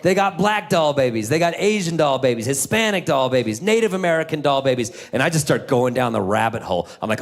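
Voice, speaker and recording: A man in his thirties performing stand-up comedy on a club stage, animated and jumping into shouted high voices for the people in his stories. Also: fast, hardly any pauses.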